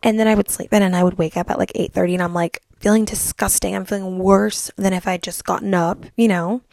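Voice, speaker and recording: Bubbly chatty young woman, slightly gravelly. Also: medium pitch, fairly even intonation, fast talker, darkish tone, no room sound, studio quality. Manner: bubbly, chatty, heavy use of "like". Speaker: vlogger. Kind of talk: casual chat to camera.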